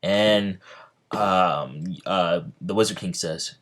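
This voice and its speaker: Low voiced guy rambling thru a fan story, lots of ums and stops. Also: a little slow. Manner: hesitant, full of ums and restarts. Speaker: channel host.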